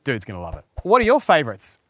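A man's voice: medium pitch, huge pitch swings, fast talker, no echo, clean studio sound. A man hosting a relationship advice vlog, frank and coaching, often checking in with the viewer. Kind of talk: direct-to-camera advice vlog.

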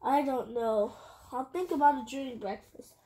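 A woman's voice: high voice, normal speed, dark tone, natural voice. A woman reading the lines of an earnest young boy who explains things eagerly.

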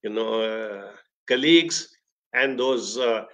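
A man's voice: lowish voice, slow pace, fairly bright tone. A man, hosting a motivational talk in an emphatic, storytelling way. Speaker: speaker, talk host.

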